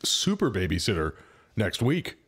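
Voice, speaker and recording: A man co-hosting a casual podcast chat, joking and throwing in quick asides. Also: on the low side, big pitch swings, a bit bright, husky. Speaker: podcast co-host, service advisor.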